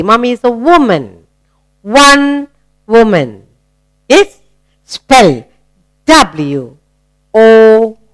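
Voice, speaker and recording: A woman teaching a grammar lesson to young children, spelling out words letter by letter and asking them encouraging questions. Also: a little high. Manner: slow, sing-song, spelling words letter by letter.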